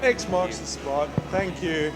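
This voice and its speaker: A middle-aged man giving a sentimental, halting wedding speech as father of the bride. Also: high-pitched, animated, over loud music, over a noisy crowd. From South Africa. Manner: sentimental, storytelling with halting restarts. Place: wedding reception.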